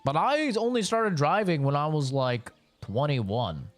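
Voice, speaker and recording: A man's voice: fairly high pitch, huge pitch swings, a little slow, dry recording, soft background music. A man streaming a game, telling casual stories with loose swearing and laughter. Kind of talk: casual chat while gaming.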